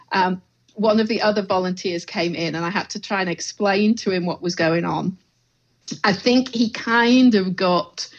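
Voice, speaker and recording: A woman co-hosting a podcast, speaking in a measured, hesitant way. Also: medium pitch, dull audio. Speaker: podcast co-host. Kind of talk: casual podcast chat.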